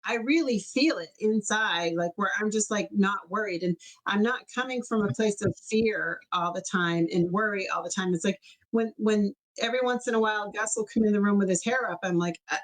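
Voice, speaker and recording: A woman's voice: medium pitch, a little fast, poor audio. A woman co-hosting a podcast about dog training, talking in a thoughtful, casual way and searching for her words as she goes. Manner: thoughtful, searching for words, lots of fillers and restarts. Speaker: podcast co-host. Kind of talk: casual chat.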